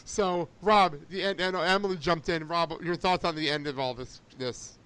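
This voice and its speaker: Excitable, bright-voiced male podcast host. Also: a little high, normal speed, smooth. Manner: excitable, laughs often, tells stories animatedly. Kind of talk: casual chat.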